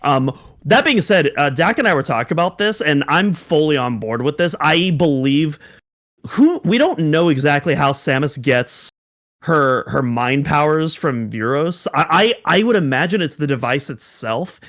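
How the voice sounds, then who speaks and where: A man's voice: fairly high pitch, expressive, normal speed, a bit bright. A young man co-hosting a casual podcast, talking in an easygoing, joking way and often hedging his points. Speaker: podcast co-host.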